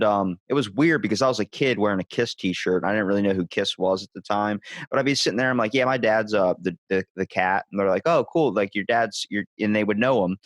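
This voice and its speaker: A young man in his twenties telling concert stories in casual chat, animated and profane, jumping into a higher voice for quoted people. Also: no room sound.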